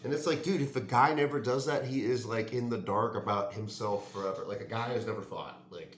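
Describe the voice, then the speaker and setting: A man's voice: medium pitch, normal speed, reverberant. A man ranting casually and heatedly to the camera, swearing and saying "dude" and "like" often. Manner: heated, profane, says "dude" and "like" a lot. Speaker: fitness vlogger.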